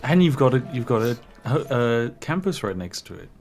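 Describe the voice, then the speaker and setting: A man on a voice call during a game, reacting quickly and enthusiastically. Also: mid-range voice, big pitch swings, darkish tone. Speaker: player on voice call. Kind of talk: casual gaming banter.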